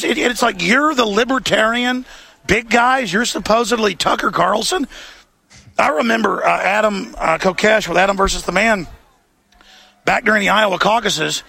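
Man, host, impassioned rant, high voice, gravelly fry, bright edge. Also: normal speed. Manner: impassioned, ranting. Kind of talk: talk show rant.

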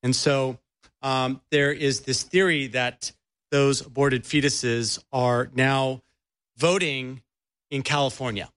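A man's voice: medium pitch, fairly even intonation, slow pace, a bit bright. A man co-hosting a political talk radio show, sarcastic and incredulous. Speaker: radio co-host.

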